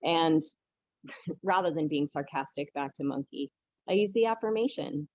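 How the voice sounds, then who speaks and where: A woman leading a yoga workshop, calm and gently humorous. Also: low-pitched, normal speed, no echo, dull audio. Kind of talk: guided group workshop.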